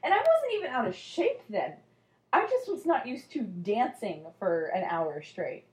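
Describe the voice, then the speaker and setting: A woman's voice: mid-range voice, sing-song, unhurried, roomy sound. A woman in her thirties co-hosting a podcast, chatting casually and teasing with lots of laughter. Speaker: podcast co-host. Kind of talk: casual chat.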